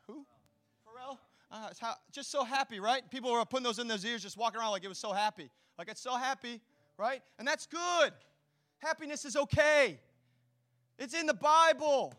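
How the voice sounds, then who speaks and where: A man preaching a sermon as pastor, swinging between hushed, intimate lines and loud, rousing ones, with chatty asides and rhetorical questions. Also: very high-pitched, no echo, studio quality.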